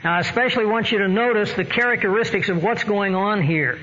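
A man preaching a sermon, slow and emphatic, with dramatic pauses. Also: high-pitched, pushed and bright. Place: church sanctuary. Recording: dull lo-fi church recording with long reverb and faint hiss.

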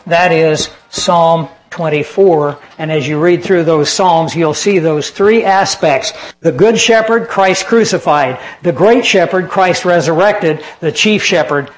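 High-pitched guy preaching, earnest, gets quiet on the personal bits. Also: poor audio. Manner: earnest preaching, rising for scripture, dropping low for personal stories. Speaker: pastor. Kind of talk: sermon.

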